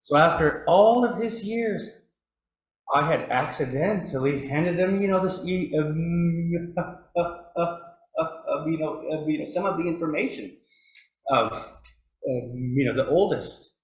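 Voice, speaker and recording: A man telling stories at a forestry workshop, pausing often with fillers and lifting his pitch when he quotes elders. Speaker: workshop speaker. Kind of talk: storytelling talk. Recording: echoey room.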